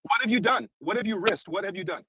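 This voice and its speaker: A man's voice: high-pitched, fast, husky, no room sound, lo-fi sound. A man in a heated livestream argument, hurling insults and repeating the same questions. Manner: aggressive, shouting insults, repeating himself. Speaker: livestream panel guest.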